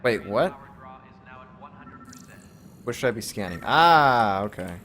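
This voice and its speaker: A man's voice: on the low side, expressive, takes it slowly, a bit bright, a little hiss or hum. A man casually commenting while playing a video game, reading menu items aloud half to himself in an offhand, wry way.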